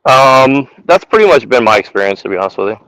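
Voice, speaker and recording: A man's voice: medium pitch, very animated, fast talker, fairly bright tone, dry recording, rough recording. A man co-hosting a casual podcast, rambling and joking, and reading short lines of his own verse aloud. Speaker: podcast co-host.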